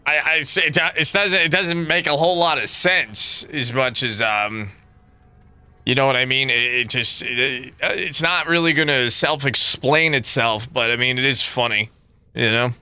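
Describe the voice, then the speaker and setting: A man's voice: medium pitch, measured pace, sharp tone, smooth, dry recording. A young man streaming a game, chatting casually with viewers in a rambling, profane way that keeps breaking into laughter. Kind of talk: casual livestream chat.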